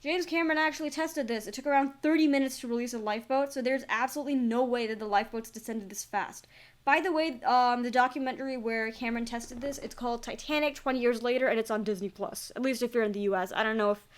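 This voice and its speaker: A woman's voice: fairly high pitch, fast. A young woman giving casual, rambling, self-deprecating commentary on a film, recorded on a laptop mic. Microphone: laptop built-in mic.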